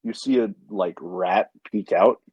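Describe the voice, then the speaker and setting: A man's voice: deep voice, a little slow, lo-fi sound, a crowd in the background. A man playing a tabletop game online, laid-back and matter-of-fact. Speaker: player.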